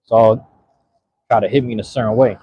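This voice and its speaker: A man's voice: fairly low pitch, fairly even intonation, fairly quick, mellow, a little hiss or hum. A man chatting casually to his live-stream audience while eating, laid-back and slangy, talking to viewers in the chat.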